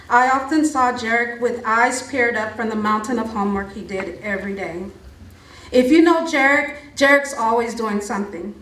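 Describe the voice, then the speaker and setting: A woman's voice: fairly high pitch, a bit bright. A woman teacher giving a heartfelt prepared speech introducing a student at an event, laughing often. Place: large library event hall. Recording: echoey room from far off.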